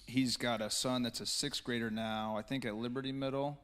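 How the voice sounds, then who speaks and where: A man's voice: medium pitch, steady tone, fairly quick, fairly bright tone, clear, resonant tone. A man, speaking as a church speaker in a panel talk, earnest and rambling with many restarts.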